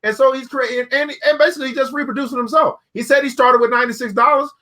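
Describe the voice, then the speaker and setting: High bright-voiced guy hosting a money talk show, folksy, preachy, repeats himself a lot. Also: fairly even intonation, rapid-fire. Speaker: show host. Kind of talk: casual business talk to camera.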